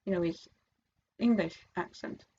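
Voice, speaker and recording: A woman's voice: fairly low pitch, measured pace, vocal fry, dark tone, slight background noise. Rambling woman vlogger, dull sound. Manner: rambling, full of fillers and restarts. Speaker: fan vlogger. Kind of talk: casual chat.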